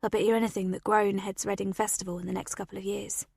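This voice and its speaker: A woman voicing a clever, quirky teenage schoolgirl in an audiobook, speaking in an even, low-key way. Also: fast, gravelly, husky, no room sound. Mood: calm.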